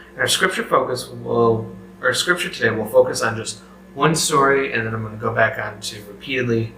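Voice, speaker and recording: A man's voice: medium pitch, a bit bright, echoey room, a little hiss or hum, rough recording. A man leading a youth group bible lesson, talking casually and asking viewers questions. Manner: conversational, self-correcting, asks viewers questions.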